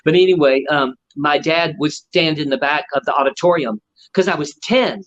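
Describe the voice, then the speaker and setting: Animated storytelling man, muffled audio. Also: on the high side, moderate pace. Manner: animated storyteller acting out quotes. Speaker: ventriloquist guest. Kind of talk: storytelling interview.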